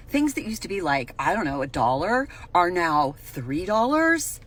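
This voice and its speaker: A woman from the United States telling a story in an animated, incredulous vlog. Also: mid-range voice, slow, low-quality recording.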